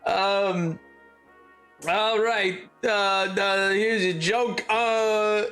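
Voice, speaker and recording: Man, streamer, casual gaming chat, high voice, stammering restarts, theatrical asides, faint music behind. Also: fairly even intonation, extremely slow, sharp tone.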